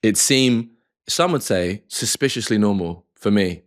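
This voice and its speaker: A man's voice: on the low side, expressive, measured pace. A man, co-hosting a podcast, telling a rambling, sweary story and acting out what other people said. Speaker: podcast co-host. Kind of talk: casual storytelling chat.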